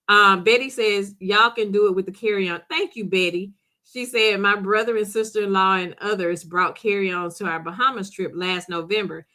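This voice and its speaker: A middle-aged woman hosts a relaxed live chat. She reads out viewer comments and answers each one directly. Her voice is bright and forward, with frequent laughter. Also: mid-range voice. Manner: chatty, laughs often, talks back to commenters. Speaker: livestream host reading viewer comments. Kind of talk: casual chat.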